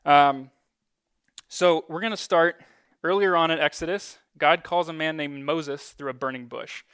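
A man's voice: on the high side, measured pace, a bit bright, smooth, no echo. A man preaching a casual sermon to a church gathering, talking conversationally with frequent ums and light self-deprecating asides.

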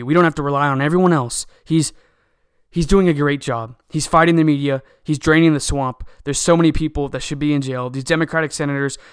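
Young guy ranting, worked up and stumbling over his words, smooth clear voice. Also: fairly high pitch, dry recording, studio quality. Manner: agitated and indignant, repeats words and restarts. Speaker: political commentator. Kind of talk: solo opinion rant.

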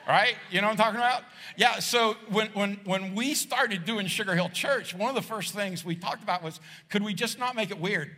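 Man, pastor, middle-aged, casual sermon, high-pitched, long hall echo. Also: fairly quick, few pauses. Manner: animated, jokey, acts out voices. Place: large church hall with audience.

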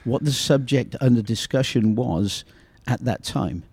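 A man's voice: medium pitch, unhurried, a little mellow, breathy edge, no echo. A man reading the lines of a cautious, polite male reporter in a joke, speaking carefully.

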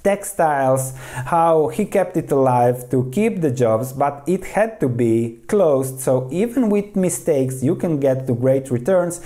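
A man with a warm, mellow voice talks through investing principles, pausing to read quoted passages aloud. His delivery is steady and explanatory, with frequent small restarts as he catches a word mid-way. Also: on the high side. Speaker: investing commentator.

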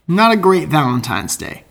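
A man's voice: a little high, vocal fry, fairly bright tone. A man co-hosting a casual podcast, playful and teasing, who reads a friend's texts aloud in a raised voice. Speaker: podcast co-host. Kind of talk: casual chat.

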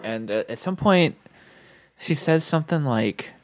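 A man co-hosting a podcast, casually retelling movie scenes with halting, stammering delivery. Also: on the high side, animated. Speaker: podcast co-host.

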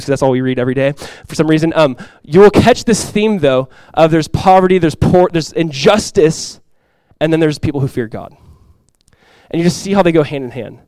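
A young adult man, a pastor, preaching a sermon in a casual, animated storytelling way. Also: fairly high pitch, clear, resonant tone, no echo, low-quality recording.

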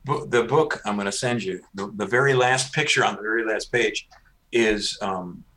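A man's voice: on the low side, moderate pace, bright, forceful tone. A man hosting a casual interview, chatting with many hesitant restarts. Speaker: host, band author.

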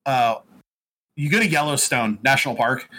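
A man in casual chat, recapping a video game story in a rambling, profane way and dropping into quick put-on voices. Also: mid-range voice, pushed and bright.

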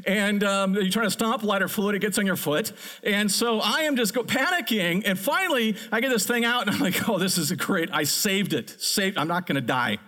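Middle-aged male pastor, high voice, lively storyteller building to excited peaks. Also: moderate pace. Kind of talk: sermon with a personal story.

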